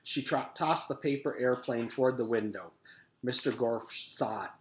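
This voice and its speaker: A man's voice: mid-range voice, moderate pace. Man in an echoey room reading aloud. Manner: relaxed and casual, with fillers between chapters. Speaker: teacher. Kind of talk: reading a children's book aloud. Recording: roomy echo.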